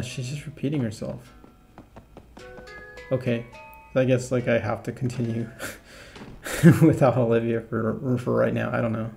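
Gravelly, chatty man playing a game. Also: mid-range voice. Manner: rambling, chatty, laughs at own jokes. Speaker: gaming channel host. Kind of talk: casual let's-play commentary. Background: game music.

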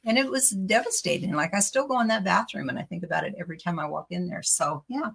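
Middle-aged woman crafting and rambling on, gravelly husky voice, a bit low. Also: animated, fast, a bit bright. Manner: chatty, rambling storyteller who laughs often. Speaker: crafting channel host. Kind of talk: casual chat while crafting.

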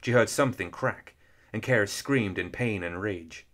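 A man reading an action story aloud in steady, measured narration. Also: on the low side. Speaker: audiobook reader. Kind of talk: scripted narration.

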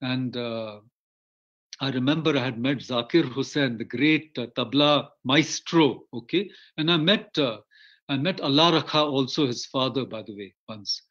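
A man's voice: medium pitch, normal speed, fairly bright tone. A man with an Indian English accent giving a storytelling lecture in a rambling way, with many fillers and restarts. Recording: muffled lo-fi audio.

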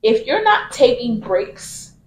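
A woman's voice: on the high side, sing-song, slow, reverberant, slight background noise, low-quality recording. A woman hosting a casual podcast, steadily explaining her view and asking the next question. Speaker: podcast host.

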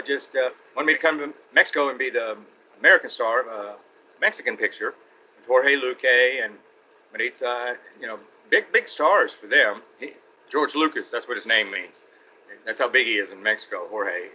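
A man's voice: mid-range voice, bright, forceful tone. A middle-aged man from East Texas with a Southern Texan accent, a guest actor telling rambling stories in a casual interview and laughing between anecdotes. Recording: muffled podcast audio with faint hiss.

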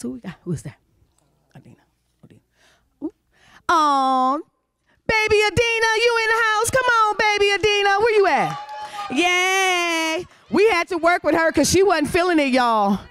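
High-voiced woman emceeing a youth show. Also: no room sound. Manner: animated, cheering, calls out names. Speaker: talent show host. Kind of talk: lively emcee handing out awards. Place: congregation hall.

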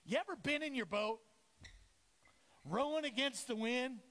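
A male pastor preaching a lively sermon to his congregation, acting out the voices of the disciples and Jesus. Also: extremely high pitch, a little slow. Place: church sanctuary. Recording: echoey church hall.

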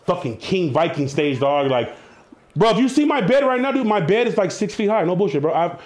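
Young guy rattling off crazy stories super fast, slang and cussing everywhere. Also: high-pitched. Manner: animated, slangy, profane, swears constantly. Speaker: interview guest, entrepreneur. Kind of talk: casual storytelling interview.

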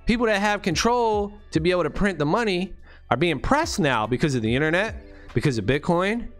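Brief: an emphatic, profane man ranting with street slang, speaking a little high, with faint music behind him. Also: big pitch swings, brisk. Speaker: vlogger. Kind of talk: casual ranting monologue.

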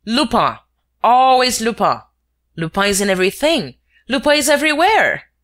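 A scoffing chief of detectives , put on by an audiobook narrator, given to loud, derisive exclamations. The voice is bright and lifted above the narration. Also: medium pitch, very animated, normal speed. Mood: mocking. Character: mocking male chief of detectives.

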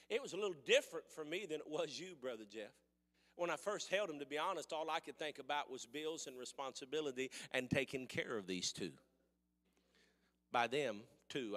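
A man with a Missouri accent preaching a sermon in folksy rural speech, swinging from quiet storytelling to shouted preaching. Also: medium pitch, big-room sound.

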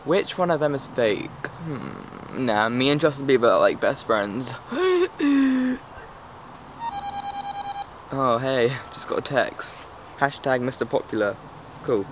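Outdoors with a noisy background, a teenage vlogger from England talks casually to camera, sarcastic and rambling, his attention drifting easily. His medium-pitched male voice swings hugely in pitch, and he takes it slowly with frequent pauses.

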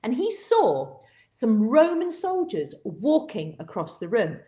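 Giggly woman, lively. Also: on the high side, takes it slowly. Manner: chatty, giggly, theatrical. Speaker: co-host. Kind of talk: casual chat.

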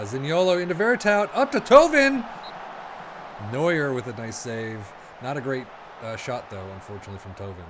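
A young man giving casual, excitable commentary over a football management game, muttering asides and then yelping at near misses. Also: medium pitch, background noise. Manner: excitable, swings from mumbling asides to sudden yelps. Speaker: gaming video creator.

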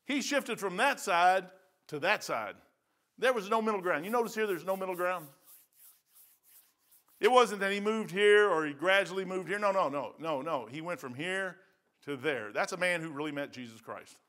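Bright-voiced older pastor preaching. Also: male voice, sits high, animated, moderate pace. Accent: Midwestern American. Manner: folksy, emphatic preaching with repeated phrases. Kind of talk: sermon.

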